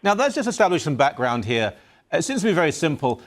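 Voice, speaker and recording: A man's voice: on the high side, sing-song, quick pace. A man hosting a talk radio interview, asking assertive, opinionated questions. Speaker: radio talk show host.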